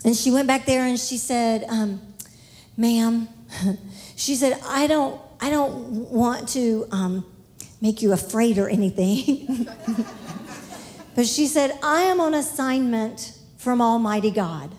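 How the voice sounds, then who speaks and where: A woman preaching and telling a story, animated and laughing often. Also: slow. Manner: animated, laughing often, rising high when excited. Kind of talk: sermon storytelling.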